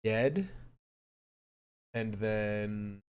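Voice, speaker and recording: A man streaming casually, rambling and cursing often, with sudden jumps from mumbling to loud outbursts. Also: on the low side, drawn-out words, clear, resonant tone. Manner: rambling, profane, animated swings in loudness. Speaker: streamer reacting to music. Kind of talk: casual chat.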